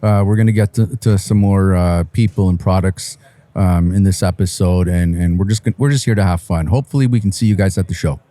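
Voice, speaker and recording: A man's voice: sits low, brisk, warm tone. A man hosting a live podcast, opening the show in an upbeat, announcer-like way. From Canada. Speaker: podcast host. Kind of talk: casual live podcast chat. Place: fishing trade show floor.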